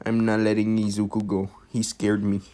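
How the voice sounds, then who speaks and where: A man voicing an upset teenage girl who clings to her boyfriend, in a quiet, low-key delivery. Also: completely flat delivery, normal speed, slight background noise, close to an everyday voice. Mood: tearful.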